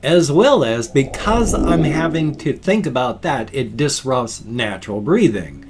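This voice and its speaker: Older guy vlogging, folksy homespun sayings, kinda rambly, average pitch. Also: expressive, measured pace, background noise. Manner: folksy, chatty, explains at length with homespun sayings. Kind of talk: casual rambling vlog talk.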